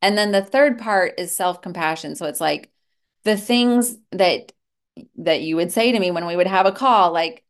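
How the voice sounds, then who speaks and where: A woman's voice: fairly low pitch, moderate pace. Earnest woman, therapist guest. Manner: earnest and reflective, with soft laughs. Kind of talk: candid podcast conversation.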